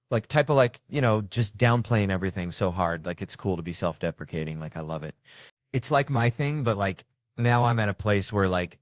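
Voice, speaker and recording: Low-voiced rambling Louisiana man. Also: fairly quick, dry recording, studio quality. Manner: rambling, self-deprecating, heavy use of "like". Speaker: podcast host. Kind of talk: casual podcast chat.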